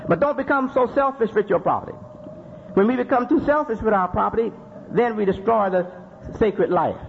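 A man's voice: high-pitched, a little fast, creaky. A man preaching a sermon, repeating phrases for emphasis and asking rhetorical questions. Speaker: Muslim preacher. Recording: dull lo-fi recording with faint noise.

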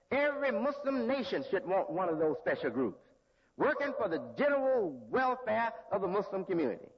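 A man preaching a sermon as a religious leader, slow and deliberate, with pauses and restarts. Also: high-pitched, husky. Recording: lo-fi hall recording with long reverb.

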